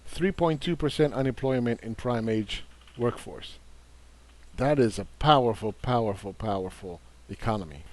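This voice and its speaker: A man talks through a market overview with a combative, dismissive edge. His voice sits at an ordinary middle pitch. He leans on repeated words to drive his points home. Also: expressive, moderate pace, a little mellow. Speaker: investing commentator. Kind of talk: casual market commentary.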